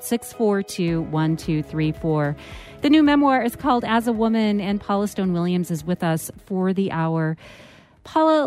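A woman hosting a public radio call-in show, reading prompts calmly and clearly and interviewing a guest. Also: on the low side, no echo. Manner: calm, clear, scripted prompts. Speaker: radio host.

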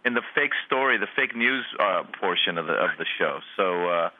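Halting man on a dry phone line. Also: low voice, expressive, no room sound. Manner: halting, with many restarts and self-mocking jokes. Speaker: comedian and panelist. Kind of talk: casual radio interview chat.

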